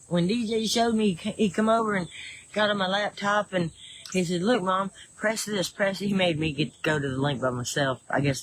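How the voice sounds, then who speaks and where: A woman's voice: medium pitch, slight background noise, rough recording. An older woman with a Southern drawl, hosting a casual livestream, chatting about her day and reading viewer comments. She rambles, restarts her sentences often and laughs easily. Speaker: livestream host. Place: home in the woods.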